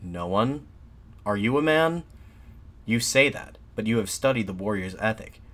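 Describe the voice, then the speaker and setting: A man voicing a defiant middle-aged man haranguing soldiers, declaiming insistently and rising to shouts. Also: fairly low pitch, animated, normal speed. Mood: pleading.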